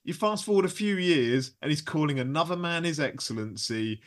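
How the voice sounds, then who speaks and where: A man's voice: a little high, expressive, moderate pace. A man co-hosting a podcast, chatting casually and mocking with amused storytelling. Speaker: podcast co-host. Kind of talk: casual chat.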